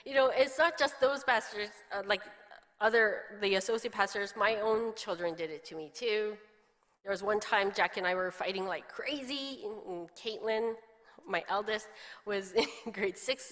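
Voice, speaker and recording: A middle-aged woman pastor preaches in a relaxed, storytelling way, acting out the people in her anecdotes. Her voice sits at an ordinary middle pitch. A long reverb trails behind each phrase, as in a large church. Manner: chatty, storytelling with laughs and quoted voices. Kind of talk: sermon.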